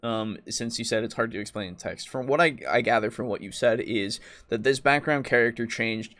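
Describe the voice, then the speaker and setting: A young man co-hosting a podcast in casual chat, laughing often and acting out quotes with sudden loud, high bursts. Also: fairly quick. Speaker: podcast co-host.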